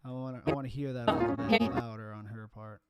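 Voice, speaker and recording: A man's voice: mid-range voice, fast. A man who films weddings, talking casually as he explains his editing step by step. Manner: chatty, explains as he works. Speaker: wedding videographer. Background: music.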